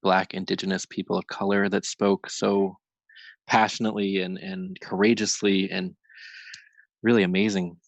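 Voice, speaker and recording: A man making a halting, rambling public comment at a council meeting over a remote line. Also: sits low, little pitch movement, gravelly, no room sound, lo-fi sound. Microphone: remote call-in.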